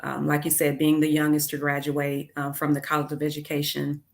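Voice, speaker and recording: A woman's voice: low voice, completely flat delivery, brisk, vocal fry. A middle-aged woman, an education leader interviewed as a guest, telling earnest stories with frequent ums and uhs. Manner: earnest, many fillers like um and uh. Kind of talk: interview storytelling.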